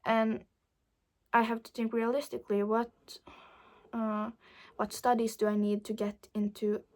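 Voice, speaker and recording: A teenage girl chatting casually to camera, rambling and hesitant with many fillers, sometimes dropping to a whisper. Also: medium pitch. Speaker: vlogger. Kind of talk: casual chat.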